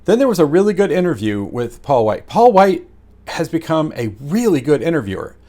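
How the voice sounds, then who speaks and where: Excitable rambling man reviewing wrestling. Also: a little high, fairly quick. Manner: rambling, excitable, many fillers. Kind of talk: casual solo review.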